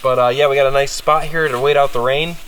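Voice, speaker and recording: A man's voice: mid-range voice, fairly even intonation, fast, fairly bright tone, a little hiss or hum, rough recording. A young man chatting casually while camping in the woods, rambling and coaxing his dogs along. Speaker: outdoor vlogger. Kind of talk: casual camping vlog chat. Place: outdoors in the woods by water.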